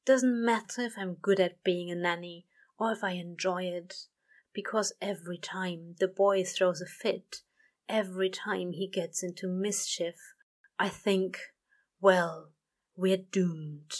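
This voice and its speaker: Woman doing a tired muttering demon guy, low and drained, scared underneath, storybook voice. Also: steady tone, slow pace, a bit bright. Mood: desperate. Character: weary male demon, worn down and frightened.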